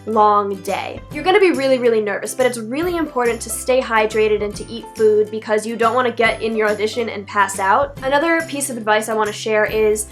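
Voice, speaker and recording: A teenage girl speaks in a fairly high voice, casual and rambling, correcting herself as she goes. Faint music plays softly behind her advice vlog. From Philadelphia area, USA. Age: teens. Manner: chatty, rambling, frequent "like" and self-corrections. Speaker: vlogger.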